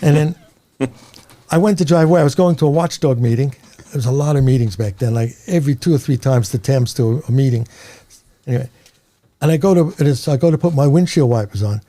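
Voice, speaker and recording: Older new york guy spinning stories, low mellow tone, laughs a lot. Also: brisk. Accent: American, New York. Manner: rambling, animated, laughs through stories. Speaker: interview guest. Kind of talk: casual storytelling.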